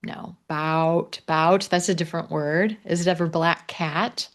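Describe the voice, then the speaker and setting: A man with a Missouri accent teaching English pronunciation in a live online class, modeling phrases slowly for learners to repeat. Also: a little high, fairly even intonation, a bit bright. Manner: slow, drawn-out model phrases. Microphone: video call.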